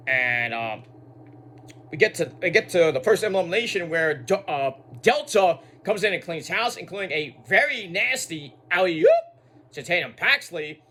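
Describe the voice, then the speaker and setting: A man's voice: high voice, big pitch swings, normal speed, sharp tone. A man giving a casual recap of a show. He rambles, repeats words, makes asides and swears freely. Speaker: wrestling show reviewer.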